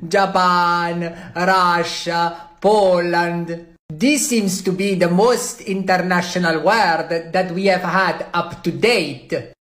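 A woman's voice: lowish voice, steady tone, slow pace. A woman, playing a teacher character in a comedy sketch with exaggerated, theatrical exclamations. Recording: echoey room.

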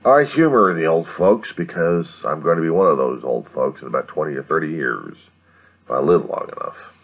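A man's voice: a bass voice, animated, moderate pace, husky. A man in his fifties from the United States, rambling through a late-night monologue to his own camera at home and keeping his voice down so he won't wake the neighbors. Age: 50s. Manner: keeps his voice down, musing and grumbling. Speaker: video diarist. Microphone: camera he set up himself.

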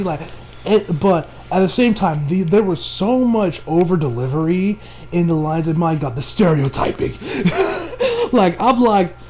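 A man's voice: a little high, a little hiss or hum. A young man from the United States talking casually in an anime review, rambling with lots of fillers and bursts of laughter. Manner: laughs a lot, excitable.

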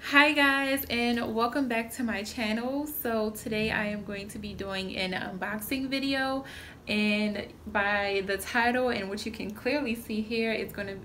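A chatty young woman vlogging from home, excitable and animated as she tells a story. Her voice sits at a middle pitch, and a faint hiss runs under the recording. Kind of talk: casual chat.

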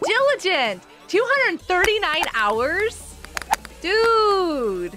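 A young woman chatting excitedly with viewers as she streams a game. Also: extremely high pitch, slow, pauses often. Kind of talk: live gameplay commentary. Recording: game music behind. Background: game music.

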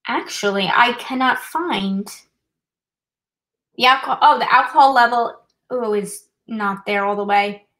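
A woman's voice: fairly high pitch, a little slow, fairly bright tone, low-quality recording. A woman hosting a live trivia night, chatting casually and explaining things step by step with a self-deprecating touch. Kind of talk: casual live-stream demonstration.

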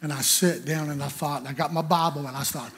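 Animated preacher man, fairly high voice. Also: fast, background noise. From North Carolina, USA. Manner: animated, humorous, acts out quotes. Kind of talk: sermon storytelling.

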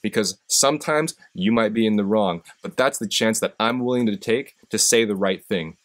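A fairly low-pitched man talking at a normal speed runs a live stream, mixing stories with a fiery, foul-mouthed motivational speech. As he gets fired up, his delivery grows more intense.

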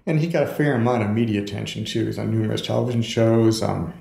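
A man with a low, gravelly voice spins anecdotes as a podcast guest, full of ums and small laughs. His voice bounces around a roomy, echoey space. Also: steady tone, fast talker, mellow. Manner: anecdotal, with fillers and chuckles. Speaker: author guest. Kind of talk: casual storytelling in a podcast interview. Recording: echoey room.

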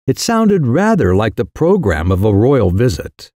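Wry, expressive male storybook narrator. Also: mid-range voice, unhurried, few pauses, no echo, studio quality. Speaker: audiobook narrator. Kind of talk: scripted narration of a comic short story.

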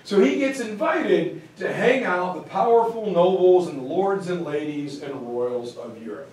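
A history teacher with a high voice gives a lively, joking classroom lecture. He sounds far from the mic, and the room adds heavy echo. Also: moderate pace, few pauses. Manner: lively and joking, acts out quotes.

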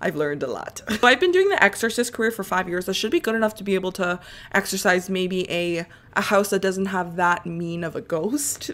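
A woman's voice: mid-range voice, normal speed. Chatty young woman narrating gameplay. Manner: chatty, bursts into loud laughing outbursts. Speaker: gaming YouTuber. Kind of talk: casual gameplay commentary.

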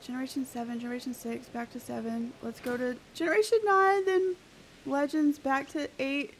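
A woman's voice: high voice, steady tone, normal speed, background noise. A woman live-streaming a game, chatting playfully with her viewers. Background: background music.

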